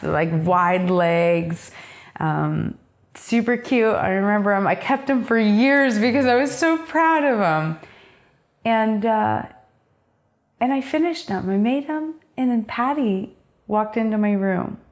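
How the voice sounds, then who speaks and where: A woman's voice: medium pitch, animated, slow pace. A young adult woman in an interview, candidly and emotionally telling her life story in casual speech, often acting out what others said to her. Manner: candid, emotional storytelling, acts out quoted voices; casual with frequent fillers and swearing.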